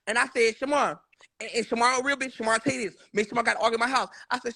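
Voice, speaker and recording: A man with a very high, bright, tense voice, talking fast. He argues insistently on a live stream, swears on his mother again and again, and curses freely. There is a gravelly fry under his words. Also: fairly even intonation. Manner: insistent, swears oaths repeatedly, profane. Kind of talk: heated live-stream argument.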